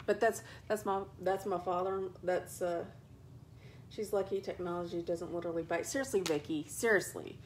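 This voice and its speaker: A woman hosting a casual chat show, talking in an animated, dramatic way and acting out scenes in high squeals. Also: moderate pace, a little hiss or hum. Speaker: podcast host.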